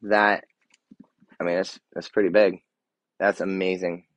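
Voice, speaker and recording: Guy in his 30s live streaming off his phone, kinda low voice, all gushy and hyped, lots of um and like, sometimes goes quiet and whispery. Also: unhurried, dry recording, poor audio. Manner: gushing and excitable, lots of fillers and restarts. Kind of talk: casual live-stream gift unboxing.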